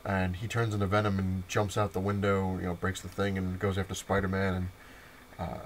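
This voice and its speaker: A man's voice: sits low, monotone, fairly quick, slight background noise. A young adult man hosting a casual comic review vlog, retelling plots in a rambling way full of fillers and short laughs. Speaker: comic book vlogger.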